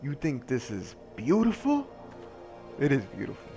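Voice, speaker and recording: A man's voice: mid-range voice, normal speed, vocal fry, soft background music. A man giving casual, rambling commentary while playing a survival game, joking at his own expense and yelping when something attacks him. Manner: rambling, joking, easily sidetracked; excitable, yelps when attacked.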